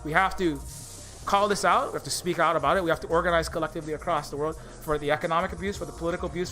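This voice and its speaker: A man streams live with a high, sharp-edged voice. He rants with passion and rambles, stacking fillers and restarts. Faint music plays behind him. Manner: slips into mocking impressions of others. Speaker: indie game developer streaming live. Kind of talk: impassioned political rant on a live stream.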